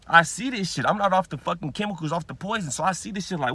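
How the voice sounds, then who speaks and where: A man's voice: sits high, animated, quick pace, sharp tone, slightly rough. A man, ranting heatedly in a vlog, repeating himself and swearing constantly. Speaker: vlogger. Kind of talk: profane ranting monologue.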